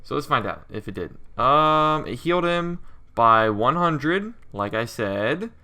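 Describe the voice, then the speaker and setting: A man's voice: medium pitch, sing-song, measured pace, sharp tone. Man thinking aloud while coding. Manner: thinks aloud with many fillers. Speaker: indie game developer. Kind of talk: casual coding walkthrough.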